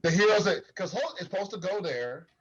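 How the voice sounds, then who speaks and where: A man's voice: high-pitched, expressive, a little fast, husky. A man co-hosting a casual podcast, retelling scenes with slang and frequent laughter. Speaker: podcast co-host. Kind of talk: casual chat. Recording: dull lo-fi sound.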